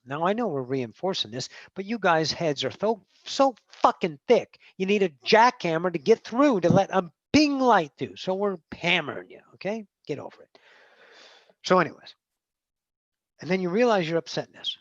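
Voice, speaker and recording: A woman's voice: fairly low pitch, lively intonation, normal speed, dry recording, dull audio. A woman channeling a spiritual teaching in a blunt, emphatic way, full of swearing, who addresses her listeners as masters. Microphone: video call.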